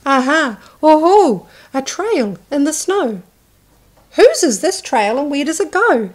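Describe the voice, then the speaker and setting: Storybook monster child, small brave girl, high and excited, read by a woman. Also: slow pace, exaggerated voice. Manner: bold, curious, exclaiming.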